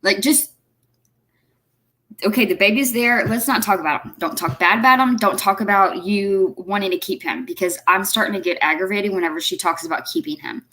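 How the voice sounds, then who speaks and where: A woman's voice: medium pitch, a little fast, sharp tone. Indignant woman host. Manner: indignant, emphatic. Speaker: reaction video host. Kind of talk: commenting on a played clip.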